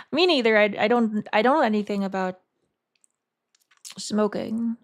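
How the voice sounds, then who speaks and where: A woman streamer chats casually with her live-stream audience, thinking aloud haltingly and repeating words. Her voice sits at a medium pitch.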